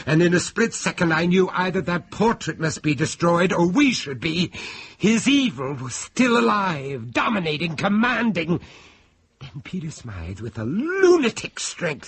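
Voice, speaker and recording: A man's voice: fairly high pitch, a bit bright, husky, heavily acted. A man narrating and playing the hero of a 1970s radio horror drama in a theatrical, menacing storytelling manner. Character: suave middle-aged male narrator-hero. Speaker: host and narrator.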